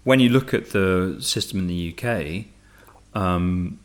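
A man hosting a casual political discussion, speaking in a measured, emphatic way. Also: deep voice. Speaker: podcast host.

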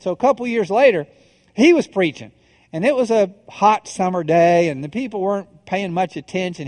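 A middle-aged man preaching from the pulpit, his voice sitting a little high for a man. He tells jokes at his own expense with stops and restarts, then slows into grave, deliberate phrasing. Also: a little mellow. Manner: self-deprecating storyteller, halting restarts, then measured solemn delivery. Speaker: pastor. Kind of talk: sermon with humorous stories.

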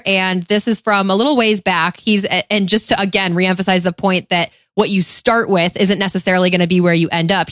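A woman's voice: lowish voice, fairly bright tone, dry recording, studio quality. A woman co-hosting a casual podcast chat, speaking enthusiastically. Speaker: podcast co-host.

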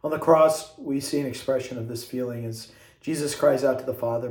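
A man's voice: medium pitch, a little fast, a little mellow. A man who is a priest, giving an earnest homily that speaks straight to the listener. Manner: earnest, direct, urging the listener. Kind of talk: homily addressed to viewers. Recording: echoey room.

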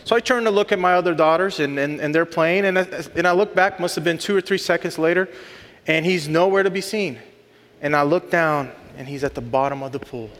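A man's voice: on the high side, a little fast, fairly bright tone. A man in his thirties or forties preaching a sermon, earnest and building to emphatic lists. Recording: long hall reverb.

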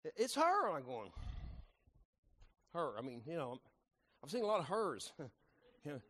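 Animated pastor preaching a story. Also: male voice, fairly high pitch, moderate pace. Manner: folksy and animated, builds to loud emphatic peaks. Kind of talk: sermon with personal storytelling.

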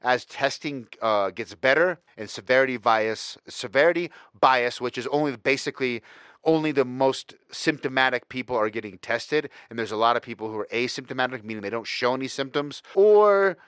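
A man's voice: medium pitch, lively intonation, moderate pace, a bit bright, clean tone, no echo, clean studio sound. A man ranting casually as a podcast host, rambling and profane, with self-mocking humor. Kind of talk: casual opinion rant.

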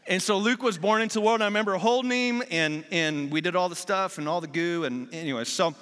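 A man's voice: sits high, animated, fast talker, hardly any pauses, fairly bright tone, smooth. A man in his forties, a guest preacher giving a sermon in a candid, conversational storytelling way. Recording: long hall reverb.

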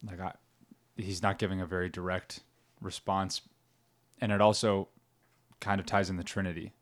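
Guy w a low steady voice, casual reflective faith chat. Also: normal speed. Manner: reflective, reads quotes aloud.

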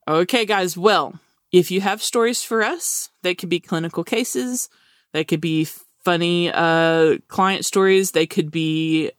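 A woman co-hosting a veterinary podcast in casual chat, telling stories in an animated way and laughing often. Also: on the low side, measured pace, dry recording, clean studio sound.

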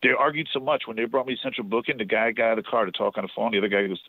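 A man's voice: on the low side, steady tone, racing, no echo, narrow, tinny audio. A man from New Jersey telling profane, rambling stories as a podcast guest. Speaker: podcast guest, show promoter. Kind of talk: casual storytelling.

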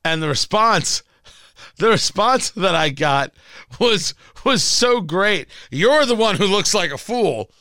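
Male talk radio host, high and animated delivery, bright tone, dry studio sound, sarcastic and combative. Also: slow, dry recording. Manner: combative, sarcastic, emphatic repetition. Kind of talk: opinionated political talk radio monologue.

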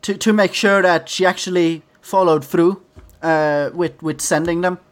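A man co-hosting a casual podcast, joking wryly in a deadpan way. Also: high voice, unhurried. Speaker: podcast co-host.

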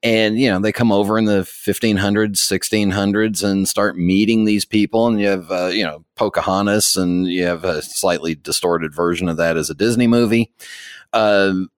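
A man's voice: low-pitched, steady tone, normal speed, smooth, dry recording, clean studio sound. A middle-aged man co-hosting a casual podcast, explaining pipe history in rambling, joking stretches. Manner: rambling, self-deprecating joker. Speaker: podcast co-host, pipe tobacco expert.

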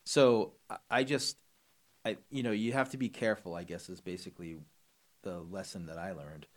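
A man co-hosting a casual movie chat, talking in halting bursts with many restarts and a wry edge. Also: low voice, steady tone. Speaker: podcast co-host.

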